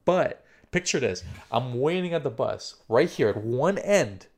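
A man's voice: medium pitch, expressive, a little slow. A young man casually telling a story, rambling with lots of fillers, swearing freely and acting out his own inner thoughts.

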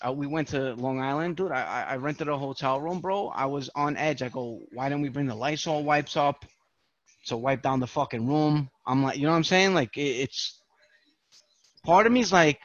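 New york guy ranting on a podcast, kinda high voice, dull dry sound. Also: moderate pace, a bit bright, no room sound. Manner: profane, rambling storyteller. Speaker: podcast host. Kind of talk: casual chat.

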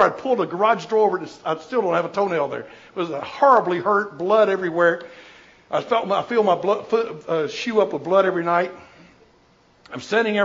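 Older man telling stories with a rambling, jokey warmth. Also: high-pitched, muffled recording. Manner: animated anecdotal storyteller, jokey, rambling with restarts. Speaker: missionary answering audience questions. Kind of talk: informal Q&A talk with storytelling.

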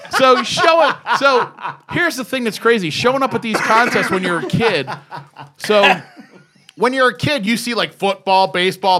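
A man in his fifties telling an excitable, profane story in a casual podcast chat. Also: sits high. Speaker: former BMX rider telling a story.

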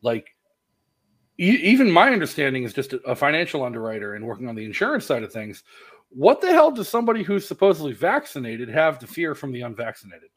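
A man's voice: medium pitch, big pitch swings, fast talker. A man in a casual podcast discussion, talking bluntly with incredulous asides and casual swearing. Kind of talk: casual podcast panel talk.

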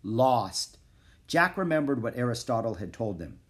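A man narrating a children's chapter book in a calm, even reading voice. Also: mid-range voice, measured pace. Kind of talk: storybook narration.

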